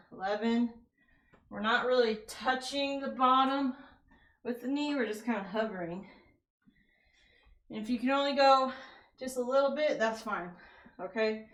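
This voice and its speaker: A woman's voice: on the high side, unhurried, long pauses, fairly bright tone, echoey room. A woman leading a live workout class, counting reps and giving casual, encouraging form tips while out of breath. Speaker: fitness coach.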